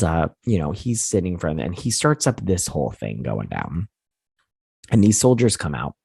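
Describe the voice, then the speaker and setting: A man with a deep, slightly husky voice hosts a casual TV review, loosely retelling scenes and correcting himself as he goes. He sounds a little sleepy, and the recording is close and dry. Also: very animated, moderate pace, dark tone, no echo. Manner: rambling, loose retelling full of "he's like" and "and everything"; self-correcting, unsure of details. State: sleepy, yawning. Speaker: host of a TV review channel. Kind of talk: casual episode recap and review.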